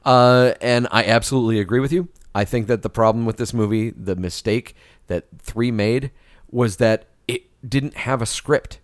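A man co-hosting a film review podcast, chatting casually and giving measured opinions with hesitant fillers. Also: medium pitch, no echo, studio quality. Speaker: podcast co-host reviewing films. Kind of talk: casual chat.

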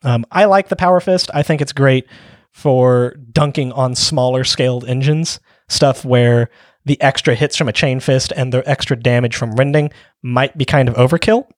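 On a casual tabletop gaming podcast, a man explains rules step by step, often pausing with "um." He speaks at medium pitch and normal speed, and the studio-quality recording has no room sound.

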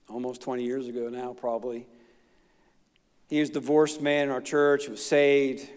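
A man's voice: medium pitch, a little mellow. A middle-aged man, preaching a folksy, emphatic sermon in a church. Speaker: pastor. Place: church sanctuary. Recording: long reverb of a church hall.

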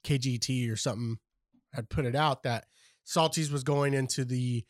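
A man's voice: medium pitch, fairly even intonation, normal speed, no echo, clean studio sound. A man co-hosting a casual podcast, ranting with lots of profanity. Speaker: podcast co-host.

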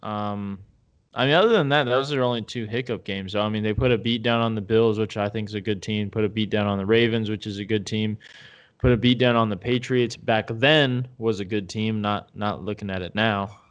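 A man's voice: on the low side, steady tone, fairly quick, muffled recording. A man co-hosting a casual sports podcast. He rambles and hesitates, circling back with fillers and half-finished sentences as he works out his point. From Tampa Bay area, United States. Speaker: podcast co-host.

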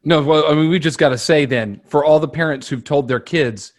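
A man's voice: fairly high pitch, a little fast, few pauses. Conversational man hosting a podcast. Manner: conversational, shares personal anecdotes, reassuring. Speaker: podcast host. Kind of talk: podcast interview.

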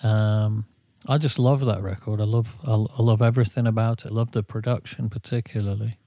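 A man's voice: on the low side, fairly even intonation, fairly quick, dark tone, dry recording, studio quality. A tired man, a singer and regular guest, telling rambling self-deprecating stories in casual podcast chat. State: tired from a sleepless night.

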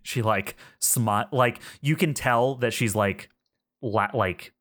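A man's voice: mid-range voice, takes it slowly, fairly bright tone. A man running a tabletop game as game master, narrating in a chatty, filler-heavy way with frequent laughs.

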